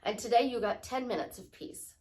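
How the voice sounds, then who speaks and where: A woman's voice: medium pitch, expressive, a little slow. A woman life coach talking casually to her viewers about prayer, rambling and acting out little dialogues. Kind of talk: casual spiritual talk to camera.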